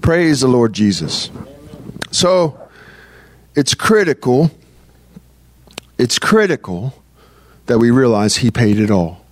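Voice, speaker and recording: A male preacher gives his sermon in a loose, talky way, circling back on his own phrases and stumbling through restarts. His pitch sits in an ordinary middle range. The sound is close and dry, with almost no room around it. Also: sing-song, no echo. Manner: repeats phrases, stammers restarts, reads scripture slowly.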